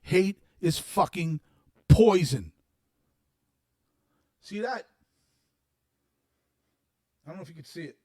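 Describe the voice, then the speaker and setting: A man's voice: high voice, lively intonation, takes it slowly, pauses often, no room sound, studio quality. Blunt, profane man in his forties. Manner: blunt and heavily profane, swinging from quiet reflection to shouted anger. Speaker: streamer addressing his audience. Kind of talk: unscripted monologue.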